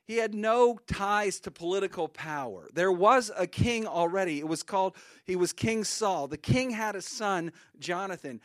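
High-voiced animated male preacher. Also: dry recording. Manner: animated storytelling, acts out quotes. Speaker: pastor. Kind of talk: sermon.

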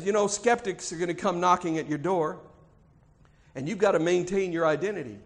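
A man's voice: high-pitched, normal speed, gravelly. A male pastor delivering a sermon in an emphatic, repetitive preaching cadence.

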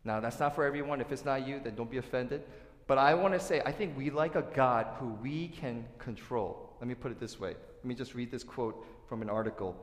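Man, pastor, sermon, earnest, emphatic, mid pitch, roomy echo, long reverb. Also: a little fast. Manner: earnest, swings between soft asides and loud emphatic points. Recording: echoey hall with long reverb.

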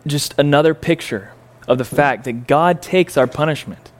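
Animated man teaching a Bible story. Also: normal speed. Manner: conversational, full of rhetorical questions and fillers; swings from incredulous highs to quiet, low reflection.

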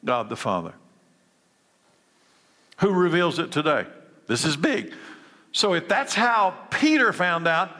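A man preaching a sermon, swinging from hushed, slow lines to emphatic, rising ones and repeating his key points. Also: on the high side, sing-song. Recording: long hall reverb.

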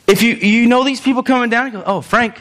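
A man's voice: extremely high pitch, steady tone, fast talker, a bit bright. A middle-aged male pastor preaching a sermon in a conversational, joking way, often restarting and repeating words. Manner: conversational and joking, with laughs and asides.

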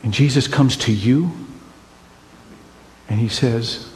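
A man preaching a sermon as pastor, conversational and teasing, swinging between loud emphatic bursts and hushed quiet lines. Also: medium pitch, slow, long reverb tail, a little hiss or hum. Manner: conversational and teasing, with rhetorical questions.

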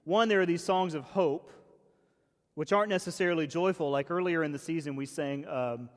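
A man's voice: on the high side, moderate pace. A man preaching a casual, conversational sermon, often restarting phrases and saying "like" as he goes. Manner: casual, chatty, many restarts and "like". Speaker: pastor. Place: church hall. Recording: long church reverb.

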